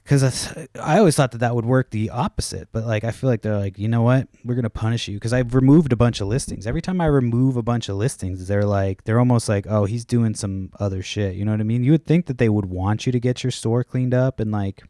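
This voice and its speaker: A man's voice: mid-range voice, fast talker, few pauses, mellow, dry recording, studio quality. A man hosting a solo podcast, telling stories casually with lots of swearing and acting out what other people said. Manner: casual, profane, acts out quoted people. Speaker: podcast host.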